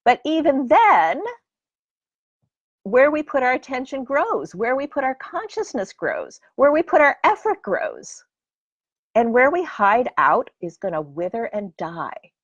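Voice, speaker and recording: Animated woman teaching about dating. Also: high-pitched, a little slow, dry recording, highs cut off. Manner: animated and expressive. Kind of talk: casual talk.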